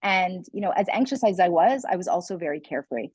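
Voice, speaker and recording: A woman's voice: on the low side, lively intonation, quick pace, darkish tone, slightly rough, no echo, poor audio. A young adult woman, a guest speaker, telling her personal story in a candid, earnest way with many "like" and "you know" fillers. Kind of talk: personal testimony in a conversation.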